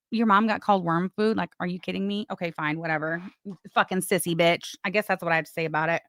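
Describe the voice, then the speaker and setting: A woman's voice: medium pitch, fairly even intonation, a little fast, a bit bright, clear, resonant tone, dry recording, studio quality. A woman hosting a casual livestream, chatting and reading messages with sarcastic asides. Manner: chatty, sarcastic, talks to chat while doing other things. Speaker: livestream host.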